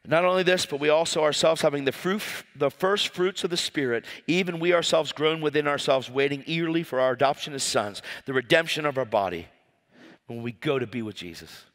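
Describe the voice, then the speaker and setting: Fervent preacher man in a reverberant hall. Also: fairly quick. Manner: fervent, swings from loud cries to quiet low asides. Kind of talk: sermon with scripture reading and stories.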